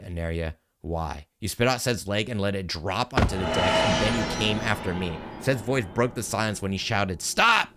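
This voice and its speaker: A man streaming a game, reading its story text aloud with earnest expression. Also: lowish voice. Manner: earnest, expressive reading with brief surprised asides. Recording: game music behind the voice.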